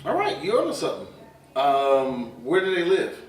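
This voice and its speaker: Man, podcast co-host, playful deadpan banter, higher lively voice, roomy echo. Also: normal speed, far from the mic, a little hiss or hum. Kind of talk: casual podcast chat.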